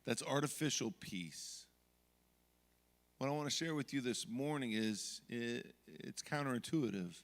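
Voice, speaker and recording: A middle-aged man preaching a sermon as pastor, telling stories from family life and acting out yelling moments. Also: medium pitch, lively intonation, unhurried, big-room sound. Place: church sanctuary.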